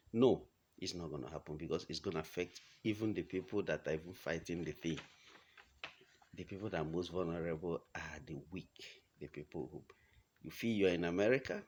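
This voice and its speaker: A man's voice: low voice, a little mellow. A man from Nigeria with a Nigerian accent, giving a heated, blunt monologue full of rhetorical questions. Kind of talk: impassioned monologue. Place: home in the United States.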